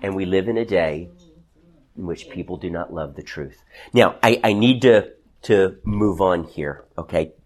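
A man's voice: low voice, darkish tone. A man teaching an interactive Bible study to a small group in a church classroom. He talks conversationally, often restarts his sentences and asks the class questions.

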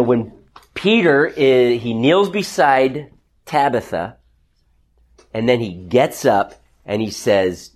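A man leads a small Bible study group, his voice rising and falling in lively swings. He speaks in a loose, conversational way, breaking off and restarting phrases. He often turns to the class with questions. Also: mid-range voice. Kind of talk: interactive Bible class teaching.

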